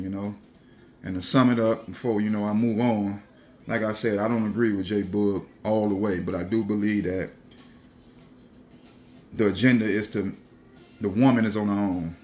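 A man's voice: on the low side, steady tone, normal speed, long pauses, faint music behind. A man talking casually on a podcast, telling a story in a rambling, profane way, laughing and repeating himself.

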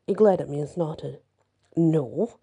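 A woman narrating a first-person horror story in a plain, measured storytelling manner. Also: on the low side, dark tone, breathy edge.

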